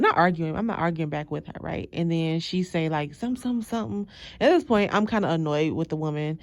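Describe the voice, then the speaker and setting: A woman telling a dream in casual chat, animated and laughing, acting out her own lines. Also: low voice, dry recording. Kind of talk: casual storytelling.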